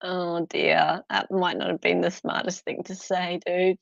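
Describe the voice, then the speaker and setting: A woman's voice: on the low side, level tone, unhurried, gravelly, no room sound. Aussie woman on a live stream, giggly and chatty, mocks posh lawyers, kinda dull lo-fi sound. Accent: Australian. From Australia. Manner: chatty, laughs often, answers chat viewers; mocks posh barristers in put-on voices. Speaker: live-stream host reviewing a court trial. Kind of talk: casual live-stream commentary.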